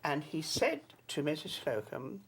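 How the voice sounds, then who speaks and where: A man's voice: a little high, wildly swooping pitch, unhurried, fairly bright tone, slight background noise. A man, an actor, chatting hesitantly with many fillers while he reminisces about working on a show. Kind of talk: reminiscing conversation.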